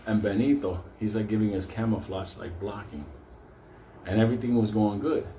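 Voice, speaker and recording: A man tells a wild story in loose, swear-filled talk, breaking into laughter along the way. His voice is dark and mellow. The sound bounces around a roomy space. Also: on the low side, normal speed, slight background noise. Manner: profane, laughing, animated. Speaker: host. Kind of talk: casual storytelling. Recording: roomy echo.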